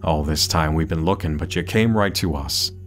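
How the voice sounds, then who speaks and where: Deep and gruff, this is a scheming sea captain from a read-aloud adventure story, put on by a man. He talks slowly and slyly with a quiet menace. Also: faint music behind.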